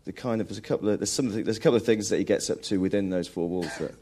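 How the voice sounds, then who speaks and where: Casual: guy on live radio, bit low voice, keeps stopping and restarting. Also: mellow, slightly rough. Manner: halting, restarts often while searching for words. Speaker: actor, studio guest. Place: live radio broadcast at a film festival.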